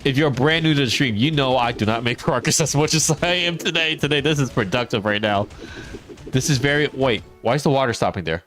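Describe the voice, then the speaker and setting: A man's voice: mid-range voice, brisk, fairly bright tone, soft background music. A man streaming a farming game, chatting casually with his viewers, answering chat and laughing often. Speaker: teacher. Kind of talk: casual live-stream chat while gaming.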